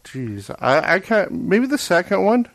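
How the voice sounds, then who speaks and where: Lively, dry-sounding man co-host. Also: sits high, a little slow, vocal fry, no echo. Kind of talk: casual chat.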